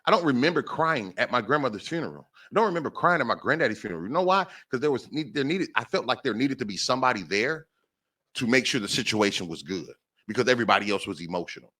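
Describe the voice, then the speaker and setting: A man's voice: mid-range voice, lively intonation, quick pace, bright, forceful tone. A man hosting a talk show, delivering an impassioned monologue and repeating phrases for emphasis. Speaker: podcast host.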